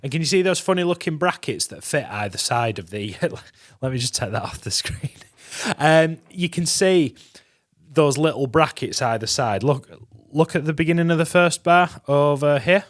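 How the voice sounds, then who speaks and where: A man's voice: a little high, expressive, normal speed, dry recording, studio quality. A man teaching a guitar lesson, chatty and encouraging, counting beats aloud as he explains. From England. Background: guitar playing.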